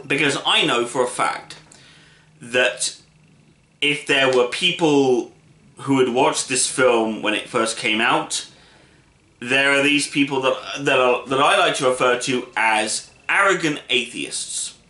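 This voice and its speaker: A man's voice: medium pitch, slow, sharp tone, reverberant. A man giving a casual film review to the camera, opinionated and rambling, with many ums and restarts.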